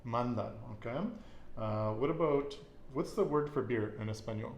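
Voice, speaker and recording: A man's voice: medium pitch, normal speed, darkish tone. Patient man teaching in an echoey room. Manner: patient, encouraging, repeats answers back. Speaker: Spanish teacher. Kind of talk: casual spoken lesson, quizzing a student. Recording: echoey room with faint noise.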